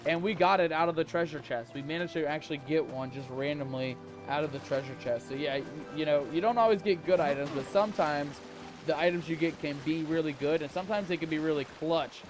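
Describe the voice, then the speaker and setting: A man's voice: a little high, fairly quick, music in the background. A man hosting a live gameplay stream, chatty and upbeat, greeting viewers with pirate slang. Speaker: livestream host.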